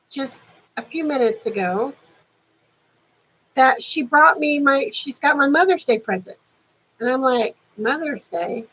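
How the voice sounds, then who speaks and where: A woman's voice: high-pitched, a bit bright, lo-fi sound, a little hiss or hum. A woman in her fifties chatting casually to camera at home, dropping dry sarcastic asides. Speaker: beauty vlogger. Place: warm apartment at home.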